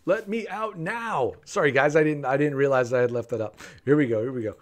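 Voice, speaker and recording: Hosting a live gameplay stream from home, a man in his thirties talks quickly in a mid-range voice. He's playful and chatty at his desk mic, laughing a lot and repeating himself.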